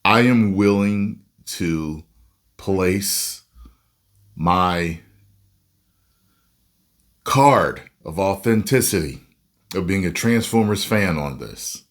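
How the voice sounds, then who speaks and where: A man giving casual, animated movie reaction commentary with a rambling, self-interrupting manner. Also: low voice, drawn-out words, long pauses.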